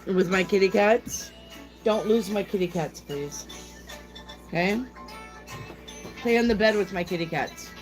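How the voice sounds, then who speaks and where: A woman's voice: medium pitch, measured pace, long pauses, over music. An older woman hosting a tarot livestream, chatting casually and affectionately, greeting viewers by name.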